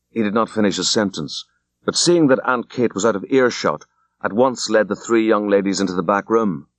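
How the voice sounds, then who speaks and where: A man reading a classic story aloud as an audiobook, in an unhurried, measured narration. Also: lowish voice, no room sound. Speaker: audiobook reader. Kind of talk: scripted narration.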